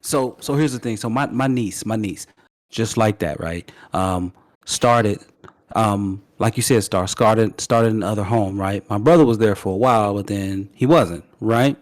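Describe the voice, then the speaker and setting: A man's voice: on the low side, measured pace, dry recording, studio quality. Laid-back male podcast host. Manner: relaxed, says "right?" often. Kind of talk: casual chat.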